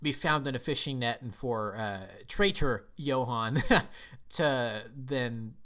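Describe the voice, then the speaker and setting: Guy rambling through a movie recap, mid pitch, restarts a lot, gets excited. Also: takes it slowly. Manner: rambling, enthusiastic retelling with frequent restarts. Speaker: film reviewer. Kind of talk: casual movie recap and review.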